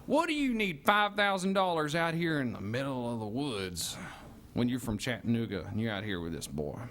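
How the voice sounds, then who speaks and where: A man voicing a suspicious rural male police officer, gruff and incredulous. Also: medium pitch, big pitch swings, moderate pace, fairly bright tone.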